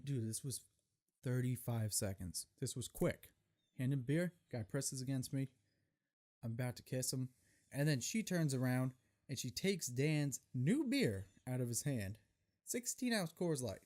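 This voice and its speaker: A young man hosts his own podcast, telling a concert story as a profane, exasperated rant. His voice swings widely in pitch as he gets worked up, and he swears freely throughout. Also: darkish tone. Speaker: podcast host. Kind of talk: solo comedic storytelling rant.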